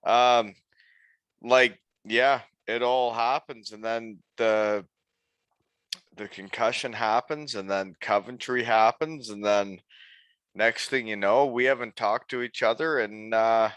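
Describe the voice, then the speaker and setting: A man in his forties hosting a podcast, chatting casually over a remote call in a relaxed, rambling way. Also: on the low side, slow pace, clean tone. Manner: relaxed, rambling, with many fillers. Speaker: podcast host.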